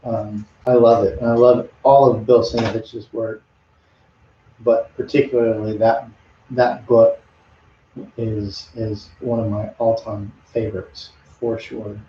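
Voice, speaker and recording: A man's voice: lowish voice, little pitch movement, takes it slowly, slight background noise. A middle-aged man chatting casually to viewers while painting on a live stream, rambling from thought to thought. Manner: rambling, chatty, talks to viewers between brushstrokes. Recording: dull lo-fi audio in an echoey room.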